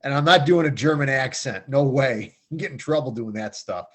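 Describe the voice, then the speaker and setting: A man's voice: medium pitch, brisk, husky. A man hosting a sports picks show in a chatty, jokey, rambling way. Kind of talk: casual sports picks chat.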